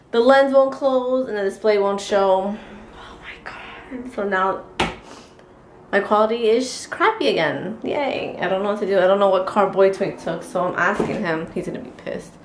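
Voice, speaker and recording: Woman vlogging on a handheld cam, super chatty and expressive, drops spanish words, lots of street noise behind her. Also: medium pitch. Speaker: family vlogger. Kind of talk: casual daily vlog to camera. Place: home, then outdoors on a city street. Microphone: handheld vlog camera.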